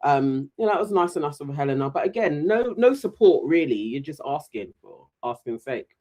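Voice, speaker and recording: Animated man recapping reality TV. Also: fairly high pitch, a little fast. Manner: animated, mimics voices when retelling scenes. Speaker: podcast co-host. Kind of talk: casual reality TV recap chat.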